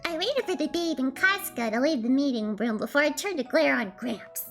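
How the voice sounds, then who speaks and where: A woman's voice: high voice, lively intonation, moderate pace, fairly bright tone, soft background music. A woman streaming a game, reading its narration aloud and chatting playfully with laughter.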